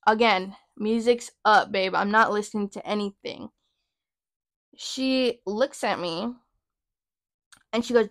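A young woman in her twenties hosting a podcast, telling a work story in a sassy, profane, animated way. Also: medium pitch, slow, pauses often, no room sound, clean studio sound. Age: young adult. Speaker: podcast host. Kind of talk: casual storytelling rant.

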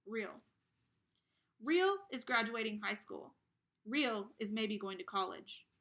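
A woman reading a novel aloud, narrating in the first person in an expressive, dramatic way. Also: mid-range voice, slow. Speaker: reader.

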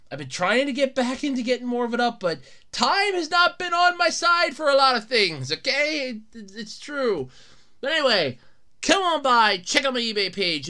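Excitable man hosting a solo podcast. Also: very high voice. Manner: excitable, laughs and shouts often. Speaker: podcast host.

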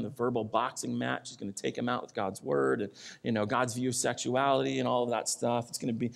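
A male pastor preaching a sermon, moving between loud pleading and quiet, earnest lines. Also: mid-range voice, gravelly.

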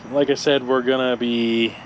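A man's voice: medium pitch, level tone, normal speed, dull audio. A man tells a road-trip story in a casual car vlog. He rambles, stumbles over his words and laughs a lot. A faint hum of outdoor noise runs behind his voice. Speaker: co-host of car channel.

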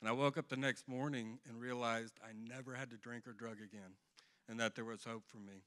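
A man's voice: medium pitch, steady tone, brisk, sharp tone. A middle-aged man giving a rambling, earnest personal testimony to a church congregation. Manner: earnest, rambling storytelling with restarts.

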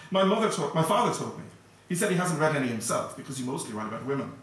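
A man's voice: a little high, sing-song, rapid-fire. A man voicing a confident, well-mannered seven-year-old boy who talks in a precocious, earnest way. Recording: echoey hall, distant mic.

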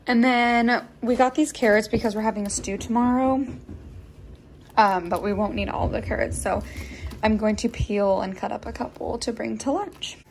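A woman's voice: a little high, fairly even intonation, normal speed, vocal fry, a little hiss or hum. A young adult woman, a kindergarten teacher, talking in a chatty, conversational way to her vlog audience. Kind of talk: casual vlog chat.

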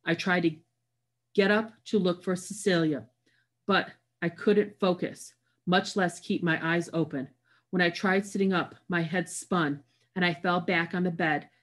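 Expressive woman audiobook narrator. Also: fairly low pitch. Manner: expressive, storytelling reading. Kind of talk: first-person novel narration.

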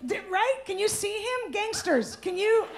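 A woman's voice: extremely high pitch, lively intonation, measured pace, vocal fry. A woman comedian doing stand-up crowd work on a club stage, brash and teasing, laughing often. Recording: echoey club with loud noise.

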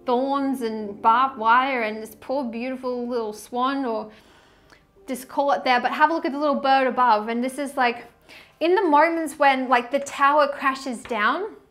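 Woman, high bright-pitched tarot vlogger, effusive, rambling, laughs a lot. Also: measured pace. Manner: chatty, effusive, laughs often, trails off mid-sentence. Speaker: tarot reader. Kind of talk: casual tarot reading to camera.

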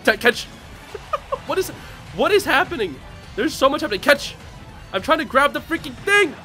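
Brief: young male gaming host, high lively voice, bright tone, faint game music under him. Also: moderate pace. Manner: excitable, laughing, loud outbursts. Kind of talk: casual live game commentary.

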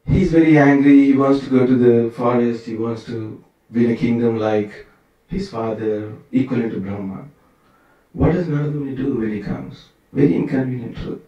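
A man's voice: medium pitch, fairly even intonation, normal speed, highs cut off. A man giving a conversational scripture class at a temple, full of rhetorical questions and asides. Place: temple hall. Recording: very echoey room, from far off.

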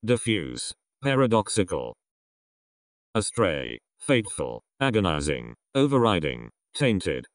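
A man reading English vocabulary words aloud one at a time, in a measured way with pauses between them. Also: low voice, no echo, studio quality. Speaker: vocabulary reader. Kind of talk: reading a word list aloud.

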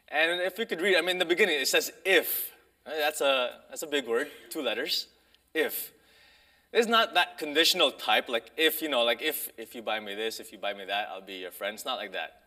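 Male preacher, slightly high bright voice, casual unhurried sermon delivery with pauses and fillers, church setting. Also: expressive. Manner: conversational, pausing, restarts with fillers. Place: church sanctuary.

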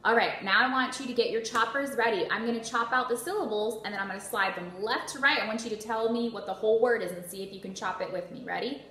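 A woman leads young children through a phonics lesson, stretching out sounds and syllables slowly and clearly between quick words of praise. Her voice is bright and forward, and it rings in an echoey room with a faint hiss behind it. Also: fairly high pitch. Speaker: first grade teacher.

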